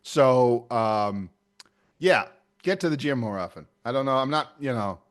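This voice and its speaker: Older male co-host, animated pitch, laughs a lot, easygoing chat. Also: unhurried. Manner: laughs often, lively and chatty. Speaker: podcast co-host. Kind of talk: casual chat.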